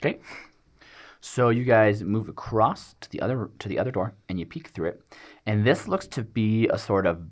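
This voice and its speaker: Lively low-voiced man running the game. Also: moderate pace. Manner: hesitant, many ums while describing scenes. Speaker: game master. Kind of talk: narrating a tabletop game.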